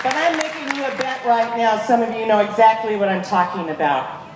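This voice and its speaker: A woman in her fifties giving an energetic, rallying speech as guest speaker at a charity walk, calling out to the crowd. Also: on the high side, fairly quick. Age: 50s. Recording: echoey PA from far off, crowd noise.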